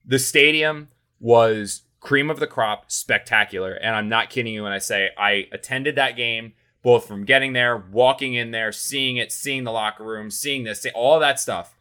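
A man co-hosting a sports podcast, telling a rambling, animated story in casual chat full of fillers. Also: medium pitch, moderate pace. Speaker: sports reporter, podcast co-host.

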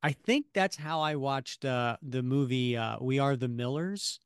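A man's voice: mid-range voice, a little slow, clean tone, no echo, clean studio sound. A man co-hosting a podcast in casual chat, rambling with many fillers and restarts. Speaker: podcast co-host.

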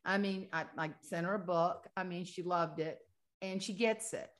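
A woman with a Southern American drawl and a slightly low voice, talking as a guest author in an interview. She tells folksy stories with plenty of animation and often laughs her way through the punchlines. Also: fairly even intonation, moderate pace. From Southern United States. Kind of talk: casual storytelling interview.

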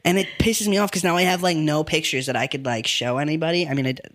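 A young man co-hosts a casual podcast, his voice pitched somewhat high for a man. He talks in loose, slangy bursts, swears without thinking and breaks into laughter easily. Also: steady tone, fast talker, a bit bright. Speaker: podcast co-host. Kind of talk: casual chat.

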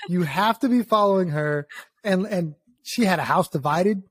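High-voiced easygoing man guest. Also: moderate pace, fairly bright tone, breathy edge, dry recording. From Texas. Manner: easygoing, laughs often. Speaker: podcast guest. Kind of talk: casual chat.

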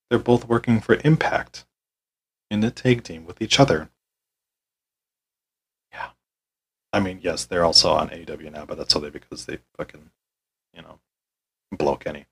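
Male podcast host, lower husky voice, tired deadpan sarcasm, swears freely. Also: rough recording. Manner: weary, deadpan, swears often. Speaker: podcast host recapping a wrestling show. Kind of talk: sarcastic play-by-play recap.

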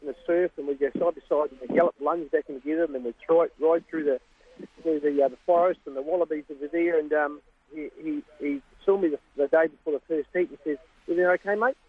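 A man's voice: fairly high pitch, fairly even intonation, fast, slightly rough, no echo. A man with a New Zealand accent, a trainer calling in to a radio show, telling rambling stories with lots of ums. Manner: rambling storyteller, many ums. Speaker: guest trainer. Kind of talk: phone-in radio interview. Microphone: phone. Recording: tinny phone line.

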